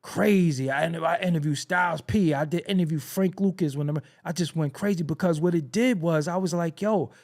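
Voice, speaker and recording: A man's voice: fairly high pitch, fairly quick, few pauses. A man with a New York accent hosting a podcast, telling a story in a casual monologue and acting out the dialogue with plenty of swearing. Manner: animated, acts out quoted dialogue, swears freely. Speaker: podcast host.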